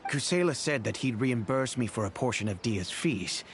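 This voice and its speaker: A man voicing a wealthy, kindly middle-aged father in game cutscene dialogue, telling the past in a measured, reflective way. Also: medium pitch, animated, slight background noise, lightly acted. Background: game music.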